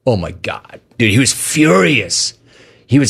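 Animated middle-aged male talk-show host. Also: medium pitch, moderate pace. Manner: animated storyteller, acts out remembered dialogue. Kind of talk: casual talk-show chat answering listener questions.

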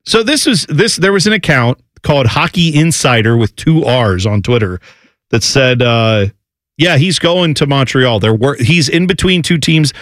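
A medium-pitched man co-hosts a casual sports talk show, lively and mocking, slipping into quick impressions of other people. The recording is dry.

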